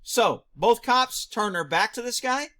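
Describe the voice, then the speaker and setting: A man reacting to a news clip, firing off rhetorical questions, answering them himself and shouting mocking asides. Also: extremely high pitch, lively intonation, measured pace. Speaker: video commentator; former police officer.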